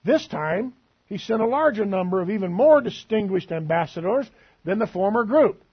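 A man's voice: high voice, lively intonation, normal speed, breathy edge, lo-fi sound. A male preacher giving a sermon in a conversational, teasing way, asking the room questions.

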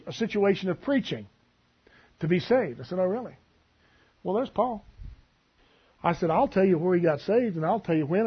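A man preaching a sermon, telling stories and acting out both sides of a conversation in a husky voice. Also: fairly high pitch, dull audio.

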